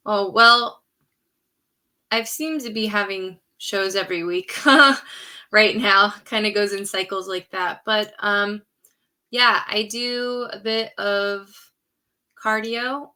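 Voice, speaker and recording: Female guest, bright voice, plain and matter-of-fact in her answers. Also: medium pitch, steady tone, slow, clear, resonant tone. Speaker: professional wrestler guest. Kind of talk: casual podcast interview.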